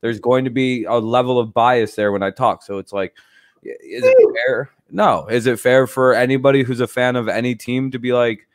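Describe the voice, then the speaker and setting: A man in the middle of an easygoing stream, talking in a loose, rambling flow that's peppered with swearing and quick laughs. His pitch sits mid-range for a man. The sound is close and dry, with hardly any room around it. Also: no echo. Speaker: streamer host. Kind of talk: casual livestream chat.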